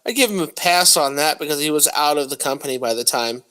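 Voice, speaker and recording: A man's voice: a little high, fast, bright, forceful tone. A man co-hosting a podcast, chiming in casually with wry quips. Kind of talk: casual chat.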